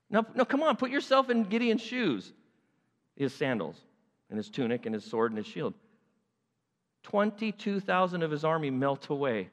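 A man's voice: on the high side, big pitch swings, normal speed. A man preaching a sermon, acting out the story animatedly in different voices. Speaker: pastor. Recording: long hall reverb.

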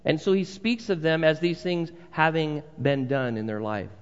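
A man's voice: fairly high pitch, lively intonation, normal speed, smooth. Man preaching in a reverberant church. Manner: conversational, emphatic on key phrases. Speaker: pastor. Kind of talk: sermon. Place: church sanctuary. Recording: long hall reverb, dull sound.

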